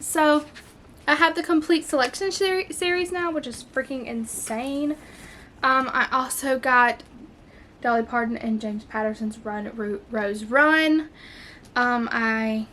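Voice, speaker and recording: Excitable, gushing woman with a high voice. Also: a little hiss or hum. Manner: gushing, excitable, many fillers. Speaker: book vlogger. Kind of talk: casual chat.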